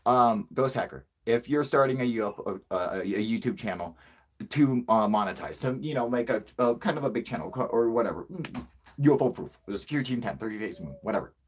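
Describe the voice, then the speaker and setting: Animated, husky man, swearing and excitable. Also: medium pitch, a little fast. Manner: profane, excitable storyteller who laughs often. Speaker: channel host. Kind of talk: casual livestream chat.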